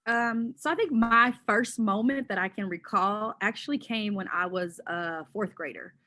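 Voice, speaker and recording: A woman from Southern California, speaking as a panelist, tells a personal story in an animated, conversational way, full of fillers and restarts. Her voice is mid-range and her pace moderate.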